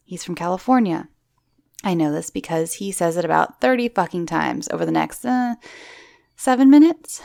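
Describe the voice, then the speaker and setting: In a lowish, darkish voice with vocal fry and a moderate pace, a woman host reads listeners' true horror stories aloud, dropping wry, swearing asides between lines. The recording is dry and studio quality.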